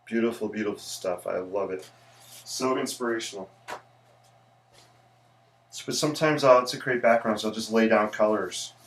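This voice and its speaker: Gravelly-voiced chatty man sketching live. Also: on the low side, moderate pace, long pauses, slight background noise. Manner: chatty, greets viewers, rambling asides. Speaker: livestream host and architect. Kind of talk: casual livestream chat while sketching.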